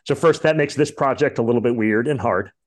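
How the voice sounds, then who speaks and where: A man's voice: medium pitch, fairly quick. A man hosting a podcast, chatting casually about music in a rambling way with lots of fillers. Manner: rambling, many fillers and asides. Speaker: podcast host.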